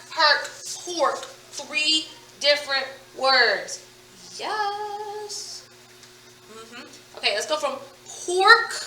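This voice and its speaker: A woman teaching a phonics lesson, stretching out words slowly and praising her students often. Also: high-pitched, bright, forceful tone, recorded from a distance, slight background noise. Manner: slow, stretched-out word modeling with encouraging praise. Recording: echoey room, voice from off-mic.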